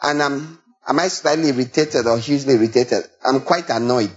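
A man preaching a sermon, animated and full of rhetorical questions, now and then imitating sheep and shepherd calls. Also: medium pitch, fairly quick. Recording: dull lo-fi recording.

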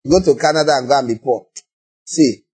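A man with a Nigerian accent preaching a sermon, animated and acting out little scenes in other voices. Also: mid-range voice, fairly quick, breathy edge.

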